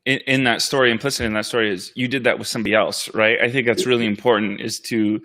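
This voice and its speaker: A man pastor in a casual church update chat, talking in a reflective, halting way with frequent restarts. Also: medium pitch, fairly even intonation, pushed and bright. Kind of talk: casual conversation.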